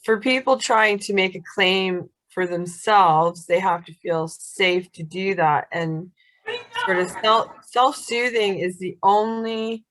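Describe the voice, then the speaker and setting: A woman's voice: mid-range voice, fairly even intonation, takes it slowly, fairly bright tone, rough recording. A woman co-hosting a casual self-help chat over a video call, soothing and affirming in tone. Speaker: co-host.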